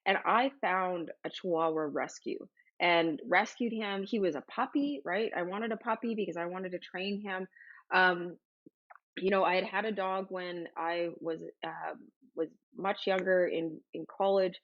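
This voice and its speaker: A woman's voice: lowish voice, unhurried, dull audio. A woman hosting a livestream, chatting casually and bubbly as she reads out viewer comments with lots of exclamations. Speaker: livestream host.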